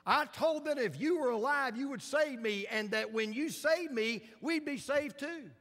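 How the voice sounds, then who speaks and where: A man's voice: extremely high pitch, measured pace, fairly bright tone, long reverb tail, pitched above the performer's own voice, full character voice. A man voicing a frightened little boy trapped under rubble, calling out to his father. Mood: pleading.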